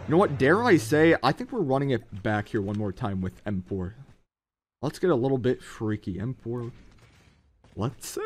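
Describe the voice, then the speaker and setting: A man's voice: medium pitch, noisy background. A man streaming a mobile shooter game, giving hyped, slangy live commentary and talking to his chat. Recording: loud gunfire from the game behind the voice.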